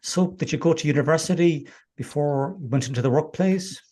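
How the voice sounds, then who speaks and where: A man hosting a podcast, asking questions and chatting in a relaxed way with hesitant fillers. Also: fairly high pitch, brisk. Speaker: podcast host. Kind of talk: interviewing.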